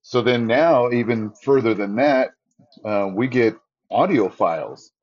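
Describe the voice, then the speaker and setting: A man's voice: mid-range voice, a little slow, darkish tone, muffled recording. A man, a ring announcer, telling stories in a casual interview and acting out his own quotes with a raised voice.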